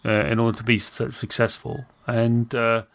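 A man's voice: mid-range voice, level tone, normal speed. A man hosting a podcast interview, chatting casually and enthusiastically with self-deprecating asides. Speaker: podcast host.

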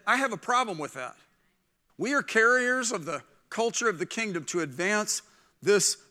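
A middle-aged male pastor preaching with a high-set, very bright and forceful voice. He delivers the sermon in an animated way, slipping into the voices of people in his stories.

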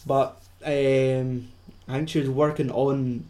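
A man's voice: mid-range voice, level tone, takes it slowly, a little mellow. A man co-hosting a casual film chat, rambling and sweary with lots of fillers. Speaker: podcast co-host.

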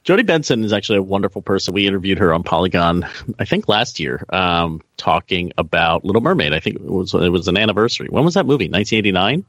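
A man's voice: deep voice, sing-song, quick pace, a bit bright, no echo, clean studio sound. A man co-hosting a podcast, talking casually in an earnest, thoughtful way. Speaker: podcast co-host. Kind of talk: casual chat.

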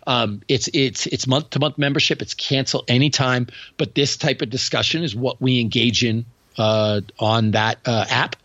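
A man's voice: mid-range voice, steady tone, normal speed, a bit bright, dry recording, lo-fi sound. A man hosting a podcast, chatting casually and telling joking stories with lots of restarts. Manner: joking storyteller, trails into restarts. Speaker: podcast host. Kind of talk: casual chat.

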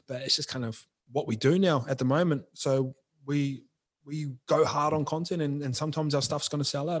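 A man's voice: medium pitch, darkish tone. A young man, a brand founder talking frankly and casually as a podcast guest, full of slang. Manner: slangy, frank, says bro and like often.

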